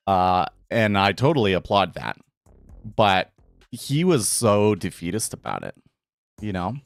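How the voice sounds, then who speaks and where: A man's voice: deep voice, very animated, a little slow, gravelly, no room sound, faint music behind. Rambling man on a live trading stream. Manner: rambling, restarts, thinks aloud. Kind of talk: casual live-stream commentary.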